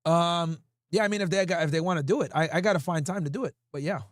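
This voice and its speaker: This is a clean, dry studio recording of a male streamer whose voice sits on the high side and moves at a quick clip. He casually chats with his audience, reading out their comments in a blunt, foul-mouthed way and addressing chat head-on.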